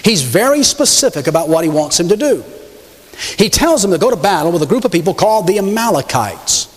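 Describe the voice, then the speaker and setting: A man's voice: high-pitched, sing-song, brisk. A man preaching a sermon, telling a story emphatically and speaking directly to his congregation. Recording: long hall reverb.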